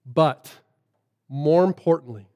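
A man preaching a sermon as a pastor, shifting from lively storytelling to hushed, earnest emphasis. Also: a little high, slow pace, highs cut off.

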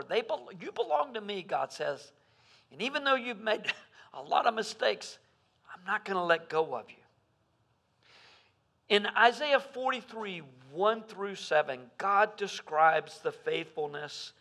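A man preaching a sermon as pastor, swinging between loud emphasis and hushed asides. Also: high voice.

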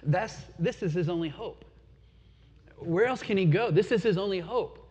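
A man preaching a sermon in an earnest, reflective way, asking the listeners questions and dropping to quiet pauses. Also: high-pitched, slightly rough. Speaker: pastor. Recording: dull lo-fi sound with long hall reverb.

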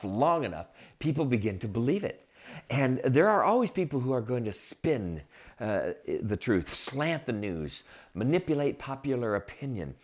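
A man preaching a sermon, reading scripture and acting out the crowd's shouts with dramatic swings. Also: mid-range voice. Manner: reads scripture aloud. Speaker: pastor.

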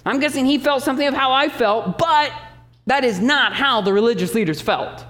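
A male pastor preaching a sermon, emphatic and animated, breaking off into teaching asides. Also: very high-pitched, moderate pace.

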